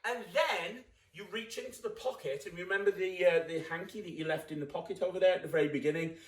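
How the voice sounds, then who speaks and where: A man with an English accent, a children's magician, explaining a magic trick to kids in a playful, exaggerated way with bursts of excited shouting. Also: high-pitched, fast talker. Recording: echoey room, from a distance.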